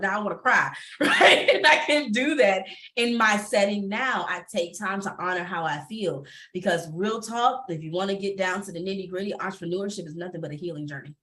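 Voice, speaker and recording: A woman's voice: mid-range voice, a bit bright. Passionate woman speaking on a panel. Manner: passionate, emphatic, laughs often. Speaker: entrepreneur and coach on a panel. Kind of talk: candid panel talk. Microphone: video call.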